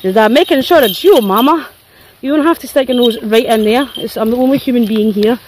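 A woman's voice: on the high side, fairly quick, a little mellow, slight background noise, low-quality recording. Chatty Scottish woman walking dogs in woods. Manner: chatty, playful and sweary, talks to the dogs. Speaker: dog walker. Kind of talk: casual walking vlog. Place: outdoors in a wet forest. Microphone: handheld phone while walking.

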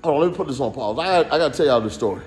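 A man's voice: on the high side, animated, very fast, a little mellow. A man doing a casual live-stream comedy rant, rambling and jumping between jokes and asides.

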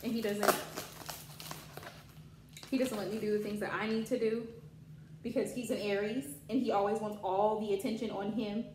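A woman's voice: medium pitch, steady tone, moderate pace, pauses often, darkish tone. A woman hosting a casual tarot vlog, chatty and talking straight to her viewers. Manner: chatty, addresses viewers as y'all, scolds her pet bunny. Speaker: tarot channel host. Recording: echoey room with background noise.

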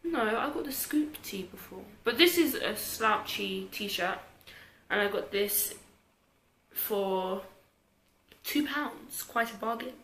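A tired young British YouTuber chats casually through a clothing haul, mocking herself and muttering asides. Her medium-pitched voice is animated, slow, and a bit bright, captured in a rough recording with an echoey room and slight background noise.

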